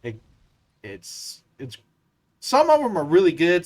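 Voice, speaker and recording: A man's voice: high voice, huge pitch swings, slow pace. A man with a Southern US accent giving casual gameplay commentary, rambling with apologetic asides. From southern United States. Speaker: gaming streamer.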